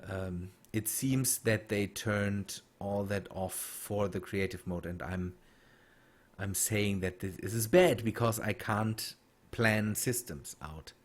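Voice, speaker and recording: A man streaming a game and chatting with viewers, halting and restarting as he reads chat. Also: on the low side. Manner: halting, many restarts and fillers while reading chat. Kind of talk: casual gameplay stream chat.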